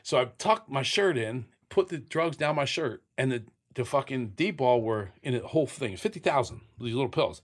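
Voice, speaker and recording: A man with a husky, somewhat breathy voice at an average pitch talks as an interview guest. He tells his stories bluntly, swearing freely and acting out scenes with sound effects. He is middle-aged and speaks in a candid, storytelling way. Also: expressive, moderate pace, hardly any pauses.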